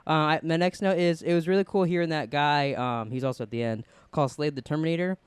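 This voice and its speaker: Young man with a smooth, clear voice. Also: a little high, a little fast, no room sound. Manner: excited, rambling with many "like"s and restarts. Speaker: podcast co-host. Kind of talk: casual TV review chat.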